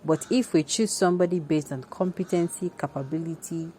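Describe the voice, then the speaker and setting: Low-voiced Nigerian woman hosting commentary. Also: a little fast, mellow, slight background noise. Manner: conversational, emphatic, with asides and restarts. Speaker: commentary host. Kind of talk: opinionated news commentary.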